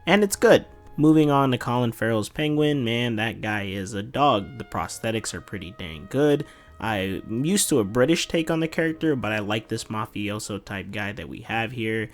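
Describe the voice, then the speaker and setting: A man's voice: on the low side, expressive, normal speed. A man giving a casual, chatty film review full of slang, with faint music playing behind him. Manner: slangy, laid-back and chatty.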